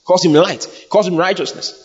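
A man preaching a sermon to a congregation, emphatic and repetitive, building up to shouts. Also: high-pitched, steady tone, normal speed, breathy edge. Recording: dull lo-fi recording with long hall reverb.

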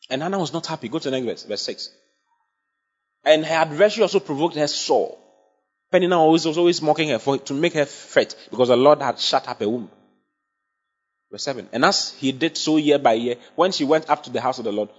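The preacher here has a slightly high, slightly rough voice and speaks emphatically, frequently making sure his congregation follows. It's a dull, lo-fi recording.

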